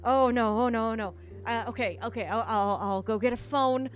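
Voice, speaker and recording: Gal doing a frantic grown man, stammering, tripping over his words, kinda high voice. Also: steady tone, normal speed, natural voice. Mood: panicked. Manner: frantic, stammering, repeating himself. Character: panicked grown man searching for his mother.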